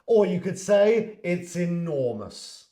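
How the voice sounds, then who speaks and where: A man's voice: high-pitched, big pitch swings, takes it slowly, heavy background noise. A man giving a lesson, explaining words and acting out example sentences. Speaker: English teacher. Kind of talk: online language lesson. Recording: echoey room.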